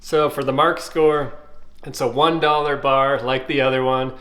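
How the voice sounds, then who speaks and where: A man's voice: medium pitch, normal speed. Casual man reviewing food. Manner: relaxed, musing, thinks aloud with fillers.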